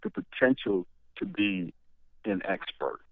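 A middle-aged man, a guest in an interview, talking in a motivational, animated way, often restarting his sentences. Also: low voice, unhurried, no room sound. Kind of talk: conversational interview. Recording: tinny phone line.

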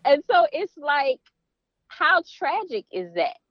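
A woman's voice: high voice, big pitch swings, slow, lo-fi sound. A middle-aged woman with a Southern US accent, a guest in a casual interview, speaking earnestly and emphatically. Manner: earnest, emphatic, warm laughs.

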